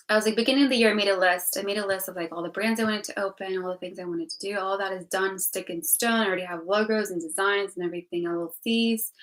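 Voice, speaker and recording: A woman's voice: mid-range voice, a bit bright, rough recording. Woman rambling frankly through a vlog update. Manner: rambling, frank, with filler "like" and swearing. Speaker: vlogger. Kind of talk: casual livestream update.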